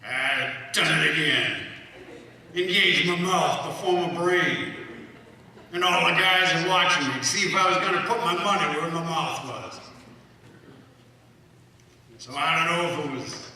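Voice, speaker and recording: A man's voice: on the high side, unhurried, long pauses, pushed and bright, slight background noise. A man playing a folksy Texan shrimper. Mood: sheepish. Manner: folksy drawl, plainspoken. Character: blunt loyal middle-aged Texan shrimper. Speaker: stage actor. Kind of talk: live stage monologue. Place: café stage. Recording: echoey hall, mic far off.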